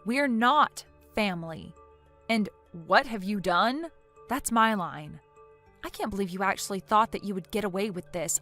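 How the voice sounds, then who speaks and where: A synthetic woman's voice reading a text-message story in a cold, firm and measured way. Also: medium pitch, sharp tone.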